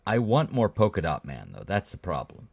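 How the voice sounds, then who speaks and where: A man's voice: sits low, wildly swooping pitch, moderate pace, creaky, darkish tone, no room sound. A man in casual chat, making wry, joking asides.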